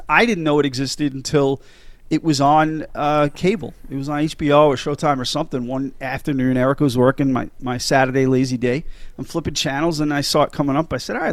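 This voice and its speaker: A man's voice: fairly high pitch, dry recording. A middle-aged man hosting a casual movie podcast, chatty and enthusiastic, with many fillers and restarts. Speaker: podcast host.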